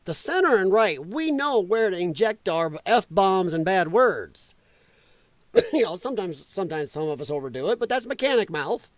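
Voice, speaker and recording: At a normal speed and in a high-pitched voice, a middle-aged Illinois man hosts live political commentary, cursing freely and laughing a lot. He stays animated, often putting on sarcastic, mocking voices, and the recording is dry.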